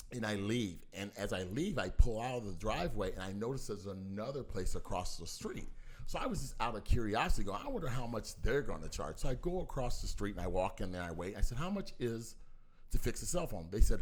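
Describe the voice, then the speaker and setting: A man telling a personal story in casual talk, talking forcefully and acting out both sides of an argument. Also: on the low side, breathy edge. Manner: animated, acts out both sides of a dispute; talks forcefully.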